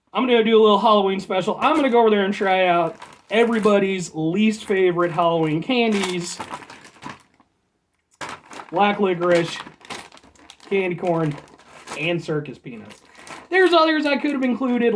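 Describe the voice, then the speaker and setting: A man hosting a casual candy-tasting vlog, talking excitedly and punching out shouted reveals. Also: high-pitched, slight background noise. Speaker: food-review vlogger.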